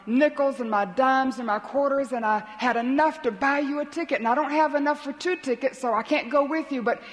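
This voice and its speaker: A woman voicing a poor, gentle father of a small boy, soft and earnest, in a story told from the pulpit. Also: high voice, fairly quick, in a large hall, lightly acted. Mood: tender.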